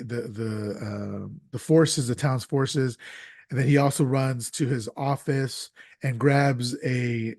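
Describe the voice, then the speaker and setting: A man's voice: mid-range voice, darkish tone, no echo, studio quality. A man hosting a casual podcast, recapping a film's plot with lots of ums and restarts. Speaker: podcast host. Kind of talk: casual podcast film discussion.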